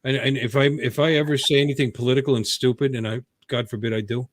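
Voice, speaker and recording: Rambling, jokey host on a dry mic. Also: male voice, mid-range voice, fairly even intonation, quick pace, no room sound. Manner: rambling, jokey, self-interrupting. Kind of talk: casual livestream chat.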